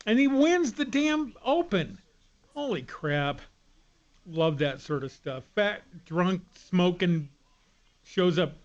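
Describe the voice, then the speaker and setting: A man co-hosting a radio show, an animated storyteller bantering in the studio. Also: sits high, lo-fi sound. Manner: animated storyteller, laughs often. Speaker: radio co-host.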